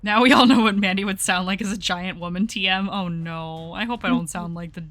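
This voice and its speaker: A woman runs a tabletop game as its game master, her voice bright and crisp in tone. She keeps things upbeat and laughs easily between rulings, with a mid-range pitch. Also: fairly quick, soft background music.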